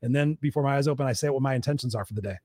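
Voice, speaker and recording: A man's voice: mid-range voice, rapid-fire, a little mellow, dry recording, studio quality. A man hosting a podcast, enthusiastic and agreeable with his guest. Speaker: podcast host. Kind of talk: casual podcast chat.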